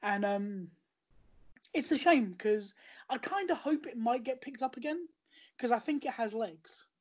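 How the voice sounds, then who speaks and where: A woman talks through her recommendation in a loose, conversational way, circling back and restarting her sentences as she goes. Her voice sits a touch higher than most women's. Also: expressive, measured pace, a little mellow, slightly rough. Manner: chatty and rambling, with many restarts. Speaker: guest recommending a TV show. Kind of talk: casual podcast chat.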